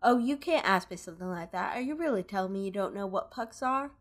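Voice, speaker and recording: A woman's voice: medium pitch, expressive, quick pace, close to an everyday voice. A woman voicing a tearful, robbed female shopkeeper in a game, with a put-on Southern accent and a plaintive, dramatic manner. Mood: indignant. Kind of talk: live dub of game dialogue.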